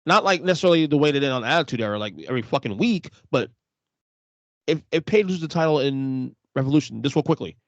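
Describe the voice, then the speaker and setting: A man co-hosting a casual podcast, talking quickly with casual swearing and frequent restarts. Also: mid-range voice, animated, dry recording, muffled recording. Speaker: podcast co-host.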